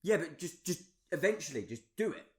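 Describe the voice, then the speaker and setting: Easygoing man, halting casual chat. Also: on the high side, sing-song, a little mellow, echoey room. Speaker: podcast co-host.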